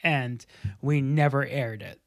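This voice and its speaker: Relaxed, rambling podcast host. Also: medium pitch, takes it slowly. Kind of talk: casual podcast chat.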